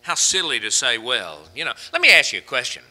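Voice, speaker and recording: Fervent, animated man preaching a sermon. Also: medium pitch, brisk. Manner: preachy, rising to fervent shouting peaks. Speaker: pastor.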